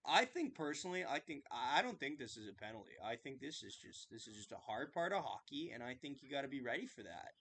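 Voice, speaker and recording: A deep, unhurried male hockey pundit, as a woman puts him on. He hedges every point and circles back on himself, dropping well below the performer's own bright register. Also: very animated, slightly rough, full character voice. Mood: hedging. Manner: slow, hedging, repeating "I think". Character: measured male hockey analyst, hedging and calm.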